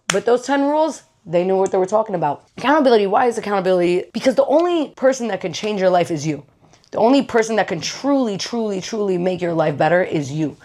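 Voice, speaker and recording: Animated young woman giving blunt life advice. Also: mid-range voice, fast. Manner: animated, blunt, slangy, laughs at herself. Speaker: vlogger giving self-help advice. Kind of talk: casual motivational talk to camera.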